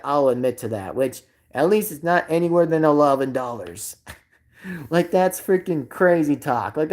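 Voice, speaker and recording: Woman streamer, lowish voice, rambling casual chat full of fillers. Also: a little mellow. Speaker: live streamer.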